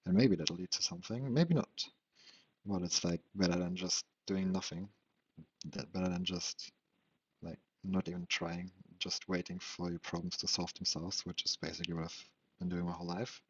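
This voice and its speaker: A young man in an unscripted, rambling monologue, talking haltingly and questioning himself, with frequent restarts and casual swearing. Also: low-pitched, fairly even intonation, slightly rough. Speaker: vlogger. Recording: dull lo-fi, dry sound.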